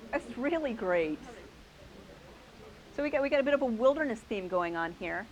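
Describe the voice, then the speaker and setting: A woman's voice: a little high, expressive, moderate pace, lo-fi sound. A woman hosting a quilting class, showing quilts to a live group and praising each one with enthusiasm. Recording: faint hiss.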